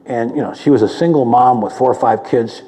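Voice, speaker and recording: A man, a theologian, giving a public lecture and answering a question in a conversational, humble way, sometimes repeating words when he gets excited. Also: mid-range voice, a little fast. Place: lecture hall. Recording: long hall reverb.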